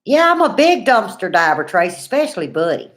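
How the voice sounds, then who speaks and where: A woman's voice: mid-range voice, very animated, brisk. A woman, in her forties, hosting a casual livestream, chatting folksy and greeting viewers by name while reading comments. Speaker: livestream host.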